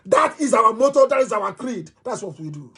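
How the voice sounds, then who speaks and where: A middle-aged Nigerian-accented man delivers a live political address. His voice is high-pitched and husky. He drives his points home by repeating them and breaks into scornful laughter. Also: lively intonation, moderate pace, pushed and bright. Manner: emphatic and repetitive, with mocking laughs. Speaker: movement leader giving a broadcast.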